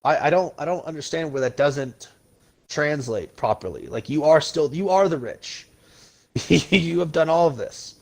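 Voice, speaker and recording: A man's voice: a little high, lively intonation, moderate pace, vocal fry. A man hosting a podcast, ranting casually and bluntly about politics with plenty of swearing. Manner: blunt, profane, heated. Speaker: podcast host.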